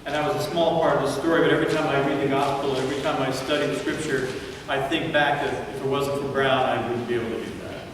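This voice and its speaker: A man preaching a sermon as pastor, telling a story dramatically and dropping to hushed tones at times. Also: medium pitch, flat delivery, fast talker, background noise. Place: large church sanctuary. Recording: echoey church hall from far off.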